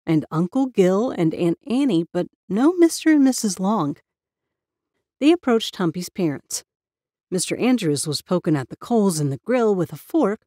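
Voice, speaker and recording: A woman reads a spooky tale aloud in a measured storytelling manner. Her voice sits low and mellow. The recording is dry, with no room sound. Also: dry recording. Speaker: narrator. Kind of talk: scripted narration of a ghost story.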